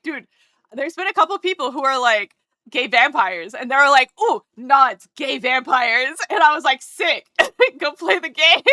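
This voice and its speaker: A bubbly woman streamer talks casually to her chat, her voice a little high and sharply bright. She is excitable and swears freely. The sound is dry and close, with no room around it. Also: dry recording.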